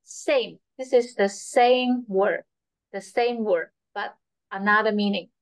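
A woman's voice: mid-range voice, slow, no echo. A woman teaching Chinese in a patient online lesson from a school, repeating phrases with frequent fillers. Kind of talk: slow, repetitive online language lesson. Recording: slightly dull, dry lo-fi sound.

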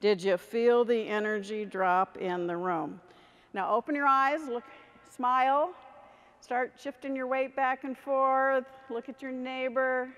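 A middle-aged woman gives a motivational keynote in a large conference hall, her fairly high voice trailing a long reverb. She speaks straight to the crowd with lively energy and leads them through short exercises. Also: measured pace, smooth.

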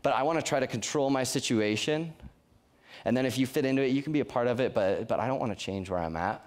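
A man's voice: mid-range voice, quick pace. Casting note: a young male youth pastor, earnest and conversational, speaking in a mid-range voice and stumbling over his restarts. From Colorado. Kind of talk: sermon. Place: church youth service.

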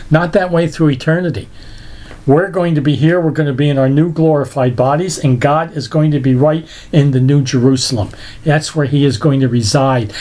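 A man's voice: a little high, a little mellow. An older man preaching a sermon, telling stories with laughs and emphatic repeats. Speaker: pastor.

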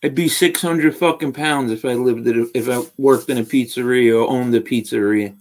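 A man's voice: mid-range voice, fairly even intonation, normal speed. A man joining a live chat as a guest, blunt, wisecracking and swearing freely. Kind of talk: casual chat.

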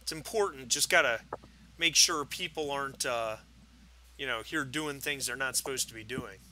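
A man's voice: medium pitch, normal speed, pushed and bright. A man voicing a burly, hostile drunk male tenant who slurs his words. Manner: slurred, belligerent.

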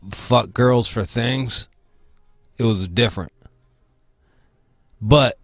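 A man hosting a casual talk show, telling stories in a profane, animated way. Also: medium pitch, no room sound, studio quality. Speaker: show host. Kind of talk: casual podcast chat.

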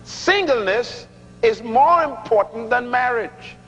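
Middle-aged male preacher, very high voice, emphatic and joking sermon, dull lo-fi sound with long reverb. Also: expressive, a bit bright. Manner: emphatic, repeats key lines slowly for effect; humorous, teasing the audience. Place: large church hall.

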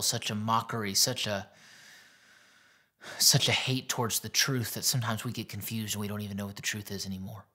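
A male pastor preaching a sermon that retells a Bible story. He is earnest and often drops to a soft near-whisper. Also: mid-range voice, breathy edge.

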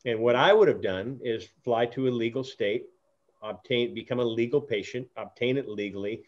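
A man's voice: medium pitch, normal speed, muffled recording. A man hosting an interview, telling a long personal story in a casual, earnest way with frequent restarts and fillers. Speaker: podcast host.

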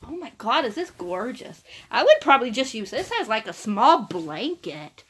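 Young woman, unboxing vlogger, gushing and excitable, high bright voice. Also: normal speed, breathy edge. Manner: gushing, excitable, repeats "oh my gosh". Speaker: book box unboxing vlogger. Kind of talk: casual unboxing chat.

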